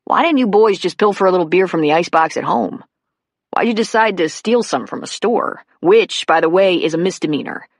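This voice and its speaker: A woman reading a calm, firm male cop. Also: fairly low pitch, dry recording, clean studio sound. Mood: firm, wry. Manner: wry, steady, unhurried.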